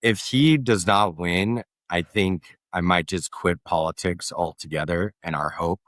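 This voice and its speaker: A man's voice: deep voice, measured pace, fairly bright tone. A man co-hosting a political podcast, speaking briefly in a laid-back, casual way. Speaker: podcast co-host.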